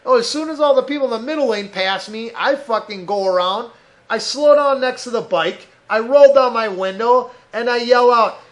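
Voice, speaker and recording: High-voiced man on a profane rant. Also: normal speed, fairly bright tone. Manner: profane, heated ranting with frequent swearing. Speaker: podcast host. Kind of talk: ranting podcast monologue.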